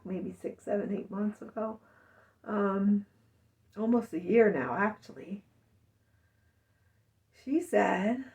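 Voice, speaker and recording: A woman's voice: medium pitch, a little mellow, recorded from a distance, rough recording. A middle-aged woman talking through a rambling, emotional personal monologue, sometimes mimicking her family's words. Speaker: vlogger.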